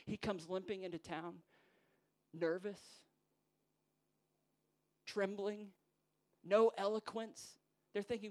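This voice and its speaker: Rousing higher-voiced male preacher. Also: normal speed. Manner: builds from hushed to rousing, voices quoted figures. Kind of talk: sermon. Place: church.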